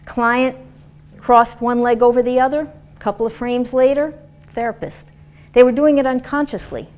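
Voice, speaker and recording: A woman lecturing a class on dance and movement therapy in an animated, demonstrative way, acting out example voices. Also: fairly high pitch, normal speed.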